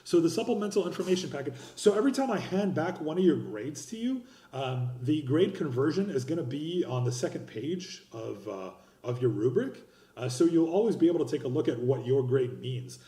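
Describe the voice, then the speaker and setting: A man's voice: on the high side, expressive, brisk, warm tone, reverberant. A young man teaching a college class, explaining course policies in a casual, rambling and blunt way, with slang and restarts. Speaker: college instructor. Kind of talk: recorded online class lecture.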